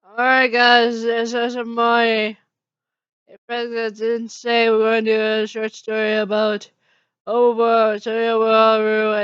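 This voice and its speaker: A casual storyteller reading a fan story aloud, stumbling now and then. The voice is smooth but extremely flat and slow. The recording is dry and muffled. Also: mid-range voice, no room sound. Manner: halting, monotone reading with slips. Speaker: fan-fiction reader. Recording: dull lo-fi recording.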